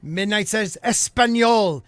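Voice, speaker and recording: A man's voice: sits high, takes it slowly, a bit bright, no echo, studio quality. A man hosting a livestream podcast panel in playful, joking casual chat, streaming from home. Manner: playful, jokey, teasing. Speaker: podcast host.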